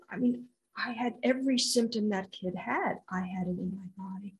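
Breathy older woman telling a story. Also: medium pitch, moderate pace, hardly any pauses, low-quality recording. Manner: animated storyteller, acts out voices. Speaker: intuitive healer guest. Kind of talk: storytelling interview.

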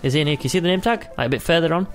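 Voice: mid-range voice, faint music behind. A gaming channel host, giving playful, jokey commentary while playing with a friend. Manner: playful, jokey, quick exclamations. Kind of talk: excited casual game commentary.

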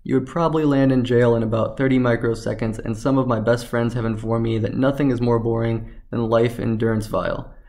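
A man reading the lines of a calm, dry-witted male scientist in a story, speaking with measured calm. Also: medium pitch, natural voice.

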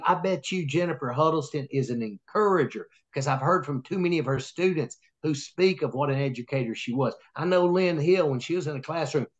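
A man leading a Bible study in a folksy, preacherly way, often checking in with "right?". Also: on the high side. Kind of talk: informal sermon-style Bible teaching.

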